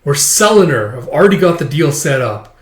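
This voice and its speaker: A man's voice: on the high side, sing-song, a little fast, reverberant. A man voicing a callous adult male kidnapper, talking bluntly and dismissively while reading a comic aloud.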